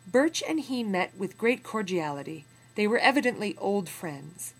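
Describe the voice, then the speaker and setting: A woman's voice: medium pitch, normal speed. Woman reading aloud with casual asides. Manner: clear reading, then relaxed asides with fillers. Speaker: teacher reading a memoir aloud.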